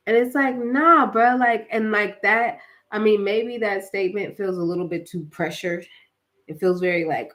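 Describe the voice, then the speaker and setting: This young woman hosts a laid-back spiritual livestream while still tired from her workout, rambling with plenty of slang and filler words. Her mid-range voice is a bit bright and unhurried.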